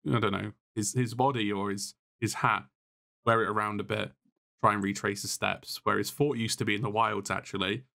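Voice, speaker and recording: Guy with a gravelly low voice, podcast guest, blunt, swears a lot, kinda fed up. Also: flat delivery, moderate pace, pushed and bright. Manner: blunt, exasperated complaining with frequent swearing. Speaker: podcast guest, content creator. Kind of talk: casual podcast chat.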